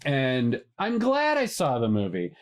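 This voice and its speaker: A man's voice: mid-range voice, wildly swooping pitch, measured pace. A man co-hosting a podcast in casual chat, joking and teasing, cursing freely. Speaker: podcast co-host.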